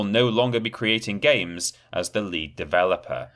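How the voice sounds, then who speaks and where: A man talking casually about video game studios, with a relaxed conversational manner and frequent fillers. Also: on the low side, normal speed.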